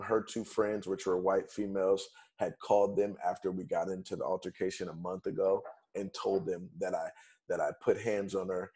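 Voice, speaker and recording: A man with a fairly low-pitched voice recounts a personal experience as a podcast guest. He speaks casually and conversationally, moving through the events in quick steps. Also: darkish tone. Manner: conversational, retells events in quick steps with "bam" and "fast forward".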